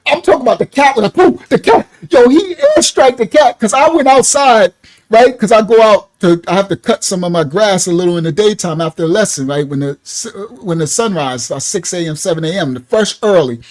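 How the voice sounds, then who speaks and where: A man's voice: sits high, lively intonation, fairly quick, darkish tone. A man preaching casually, telling a story in slangy street talk, laughing often and swinging his voice up and down.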